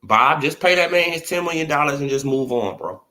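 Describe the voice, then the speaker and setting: A man's voice: animated, brisk, bright, forceful tone. A man giving casual boxing opinions, loose and slangy, often asking if you feel what he's saying. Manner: acts out imagined dialogue in swinging pitch. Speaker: boxing commentary vlogger.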